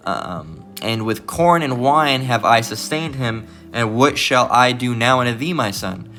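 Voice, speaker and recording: A mid-range male voice, pushed and bright with lively intonation, preaches at a measured pace over soft background music. He reads archaic scripture aloud, stumbling and rereading, and interjects blunt commentary that he caps with "all right?"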